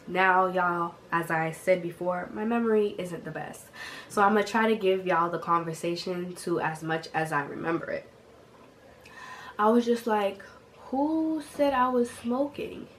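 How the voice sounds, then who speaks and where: A young woman from the Boston area, recorded at home on a camera mic, telling a story to viewers in a chatty, animated way. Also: lowish voice, normal speed, a little hiss or hum. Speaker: vlogger. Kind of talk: casual storytelling.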